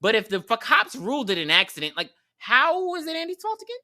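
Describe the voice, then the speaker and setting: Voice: sits high, fast talker. A podcast co-host recapping a horror movie in casual, slangy chat, telling it with laughs and acted-out lines. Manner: animated storytelling, laughs often, slangy and profane.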